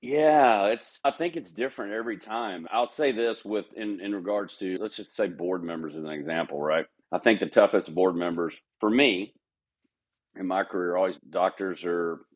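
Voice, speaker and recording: A man's voice: low voice, moderate pace. A middle-aged man talking candidly as a podcast guest, telling workplace stories and mimicking other people's voices. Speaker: golf club manager, podcast guest. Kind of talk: casual interview chat.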